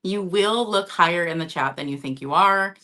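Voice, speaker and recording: A woman's voice: lowish voice, normal speed, bright, forceful tone. A woman hosting a live-stream vintage sale, chatty and casual, often checking in with her viewers.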